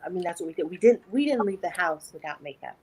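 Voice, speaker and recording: A woman from California, a guest on a casual live video chat, relaxed and storytelling, laughing easily. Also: lowish voice, fast talker, very noisy.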